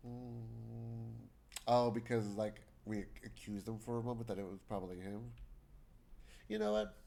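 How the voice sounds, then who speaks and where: A man's voice: on the low side, flat delivery, measured pace, vocal fry, warm tone. Chatty man streaming a video game. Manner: reads character lines aloud with shifting voices; chatty, trails into asides. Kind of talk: let's play commentary, reading game dialogue aloud.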